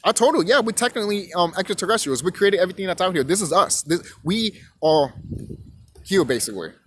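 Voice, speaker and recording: High-voiced young man ranting, profane. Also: lively intonation, fast, fairly bright tone, breathy edge, low-quality recording. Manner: rambling, profane, repeats words while ranting. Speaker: vlogger. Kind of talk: profane rant monologue.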